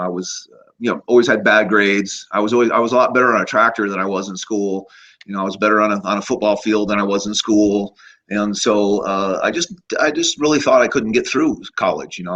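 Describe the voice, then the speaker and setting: A man in his fifties, a chiropractor guest, telling casual stories in an animated way with frequent laughs. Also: fairly low pitch. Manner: animated anecdotes, laughs often, acts out voices. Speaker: guest, chiropractor and energy healer. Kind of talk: casual storytelling. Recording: slightly muffled lo-fi audio.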